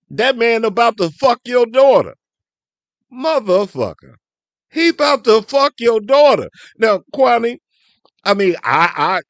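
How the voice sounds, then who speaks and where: A man's voice: high-pitched, creaky, a bit bright, no echo. A man hosting an online commentary show, delivering a heated, cussing, scolding rant. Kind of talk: profane ranting commentary.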